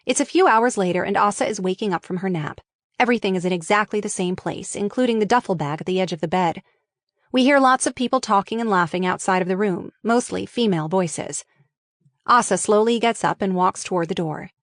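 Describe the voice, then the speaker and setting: A woman reading a screenplay aloud, running through the stage directions briskly. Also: mid-range voice, dry recording, studio quality. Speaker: reader.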